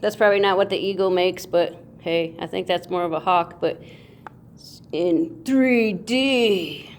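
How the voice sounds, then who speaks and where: A woman hosting a casual unboxing video, playful and goofy, with sound effects and drawn-out, excited remarks. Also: lowish voice, slight background noise. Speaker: coin channel host.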